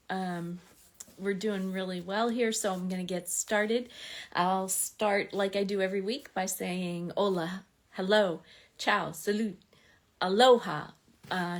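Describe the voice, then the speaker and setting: A woman hosting a fan club livestream in a casual, chatty way, full of ums and small laughs. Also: medium pitch. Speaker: fan club administrator and host.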